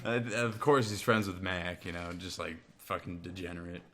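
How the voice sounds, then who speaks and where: A man's voice: deep voice, normal speed, a crowd in the background. A man co-hosting a casual chat with his brother, swearing a lot and laughing as he talks. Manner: swearing, laughing, slipping into mock accents. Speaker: podcast co-host.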